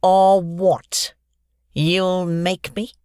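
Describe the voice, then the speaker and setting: Woman doing a sneering schoolboy bully, slow taunting drawl, storybook reading, dry sound. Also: lowish voice, dry recording.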